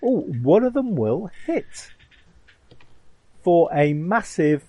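A man's voice: fairly high pitch, sing-song, mellow, breathy edge, dry recording, rough recording. A man running a tabletop game as game master, hesitant and full of ums as he describes the combat. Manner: halting, full of ums and uhs.

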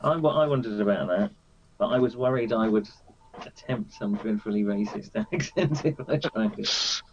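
A man's voice: fairly low pitch, lively intonation, normal speed, highs cut off, slight background noise. A man playing a tabletop game, chatting casually, joking and laughing often. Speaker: player.

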